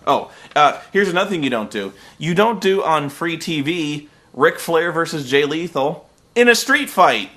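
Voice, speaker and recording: A man with a somewhat high, tense, bright voice hosts a comedic review. He rants through a recap with sarcasm and plenty of swearing. He rambles on fillers and grows openly exasperated. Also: normal speed, hardly any pauses. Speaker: host reviewing wrestling.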